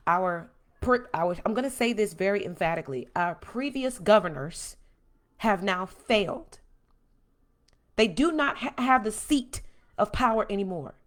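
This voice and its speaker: A woman hosting a podcast, giving a blunt, emphatic, preachy monologue that swings from calm to loud. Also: medium pitch. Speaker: podcast host. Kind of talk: impassioned monologue.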